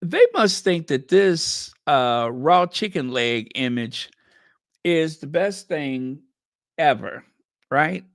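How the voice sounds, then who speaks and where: A man's voice: on the high side, animated, slow pace, fairly bright tone, no room sound, studio quality. A man hosting sarcastic gossip commentary, drawing out his words with sardonic emphasis and reading headlines and viewer comments aloud. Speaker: commentary channel host.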